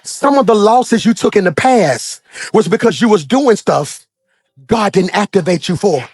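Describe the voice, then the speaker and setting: A man preaching a sermon as pastor, swinging from shouted high points to low, quiet asides and acting out characters. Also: expressive, slightly rough, dry recording. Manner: acts out characters in quick dramatic voices.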